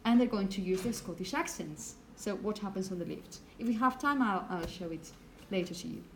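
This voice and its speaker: A woman's voice: mid-range voice, a little fast, a little hiss or hum. Woman lecturing a class. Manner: explanatory, checks in with "okay?" often.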